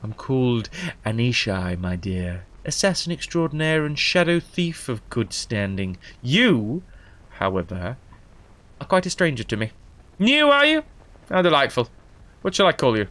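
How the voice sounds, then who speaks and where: A man's voice: mid-range voice, sing-song, measured pace. A man playing a purring female assassin. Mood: silky. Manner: soft, purring and teasing. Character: sultry female assassin, silky and flirtatious.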